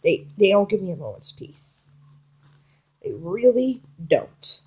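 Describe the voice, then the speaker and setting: A woman's voice: medium pitch, sing-song, slow, a little mellow. A woman vlogger in a rambling, digressive monologue, talking candidly and a little wheezy.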